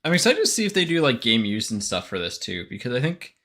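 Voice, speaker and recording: Talking fast in a mid-range voice, a man gives live card-opening commentary as host of a card break. He reads off players and teams in a steady run, casually self-correcting and peppering it with "uh."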